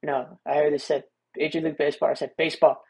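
A man's voice: on the high side, little pitch movement, fast, gravelly, darkish tone, breathy edge. A young man hosting a solo podcast, rambling in a laid-back way with many restarts and fillers. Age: young adult. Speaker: podcast host. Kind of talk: casual solo podcast monologue.

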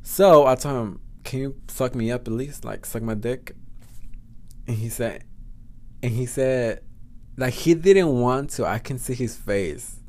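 A man's voice: medium pitch, measured pace. A man with a Spanish accent hosting a podcast, telling a story in a blunt, profane, chatty way. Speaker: podcast host. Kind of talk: casual storytelling monologue.

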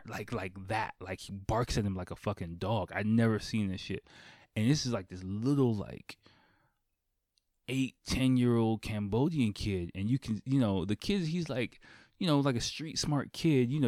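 A man with a fairly low voice tells a long, casual story full of swearing and acted-out quotes. The sound is dry and close, with no room around it. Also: normal speed, dry recording. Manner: profane, animated anecdote with acted-out quotes.

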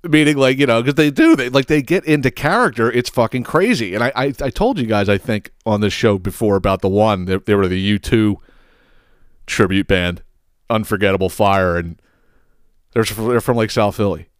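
A man's voice: lowish voice, normal speed, clear, resonant tone, no echo. Man, middle-aged, profane laughing rant, dry close sound. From southeastern Pennsylvania. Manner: profane, laughing, exasperated storytelling. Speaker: podcast host. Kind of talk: casual solo podcast rant.

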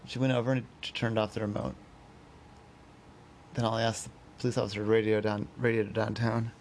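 A man telling an improvised story in an unhurried way, as if making it up as he goes. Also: lowish voice, little pitch movement, vocal fry, a little hiss or hum.

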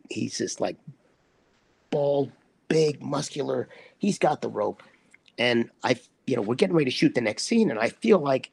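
A man with a gravelly, husky voice recounts a story from a set, animated and acting out what people said. The sound is dry and close, with no room echo. His pitch sits in the middle range for a man. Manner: animated storyteller, acts out quotes. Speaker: actor guest. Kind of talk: anecdote telling in conversation.

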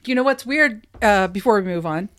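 A middle-aged woman co-hosting a casual podcast, chatty and quick to laugh, often trailing off mid-sentence. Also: mid-range voice, expressive, a bit bright. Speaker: podcast co-host. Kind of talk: casual chat.

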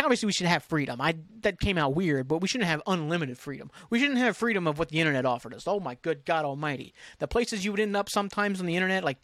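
A man's voice: sits high, fairly bright tone, no echo. A man hosting a casual podcast, ranting in a frustrated, profane, rambling way. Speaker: podcast host. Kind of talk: casual solo podcast rant.

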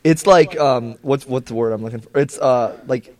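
A man's voice: medium pitch, normal speed, darkish tone. A young man chatting casually as a podcast guest, rambling and swearing freely. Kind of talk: casual chat.

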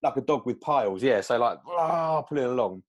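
A man telling a story in casual chat, animated, acting out quoted lines with big jumps in pitch. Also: moderate pace, muffled recording.

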